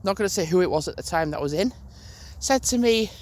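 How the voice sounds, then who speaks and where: A man's voice: high voice, animated, fast, a little mellow. A young man, casually telling a story to camera, rambling, restarting and swearing as he goes. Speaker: gaming channel host.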